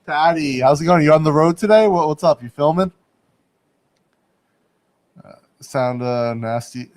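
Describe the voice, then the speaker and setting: A man's voice: a little high, unhurried. A man hosting a casual livestream chat from a studio in Bangkok. He rambles, laughs often and hedges his points. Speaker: livestream host.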